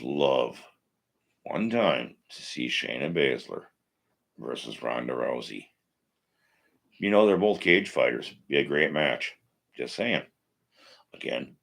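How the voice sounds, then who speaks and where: A man with a very deep, gravelly voice hosts a casual live stream. He rants bluntly and swears often as he talks through the week's wrestling. He comes from Minnesota. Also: sing-song, unhurried, long pauses, a bit bright. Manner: blunt, ranting, profane, opinionated. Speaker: wrestling podcast host.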